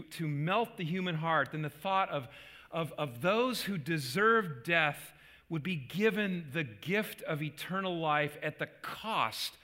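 A man's voice: on the high side, pushed and bright, big-room sound. A man preaching a sermon as a pastor, earnest, with repeated restarts and emphatic peaks.

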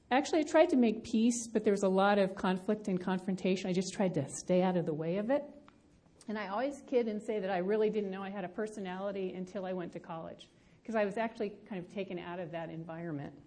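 Middle-aged woman teacher, mellow and unhurried, reflective, ums often, to a live room. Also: mid-range voice. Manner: reflective, personal, frequent ums. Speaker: Bible study teacher. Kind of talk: teaching talk.

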